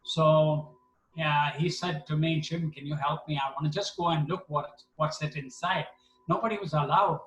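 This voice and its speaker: A man, telling stories at a devotional gathering and acting out the quotes in lively voices. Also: fairly high pitch, moderate pace. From India. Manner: animated, acts out quotes with voices. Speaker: satsang speaker. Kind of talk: storytelling talk. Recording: echoey room, from a distance.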